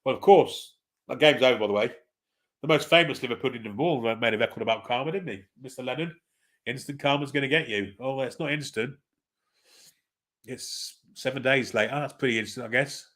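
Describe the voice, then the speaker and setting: Male host, casual live match calling, wry and chatty, mid-pitched voice. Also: a little fast, fairly bright tone. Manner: laid-back, chatty, wry. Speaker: watchalong host. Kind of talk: casual live match commentary, reading chat.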